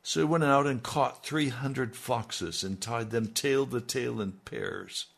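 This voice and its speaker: Male preacher, gravelly and husky, folksy sermon storytelling with asides. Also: medium pitch, takes it slowly, a bit bright. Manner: folksy retelling with conversational asides.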